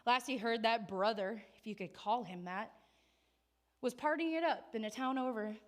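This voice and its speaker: A woman with a high voice preaches a sermon. She tells the story earnestly and drops into a quiet, subdued narrating voice. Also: moderate pace. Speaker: pastor.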